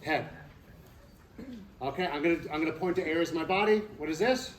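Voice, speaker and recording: A man's voice: a little high, a little fast. A man leading a stress-relief exercise for a live audience, coaching them and asking questions. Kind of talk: live workshop talk to an audience. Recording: roomy hall, voice from off-mic with faint noise.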